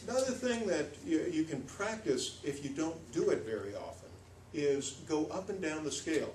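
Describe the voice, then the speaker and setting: An American man giving a lively, demonstrative storytelling workshop to a live audience, playing with pitch and pace. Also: normal speed, a little hiss or hum. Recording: echoey room, voice from far off.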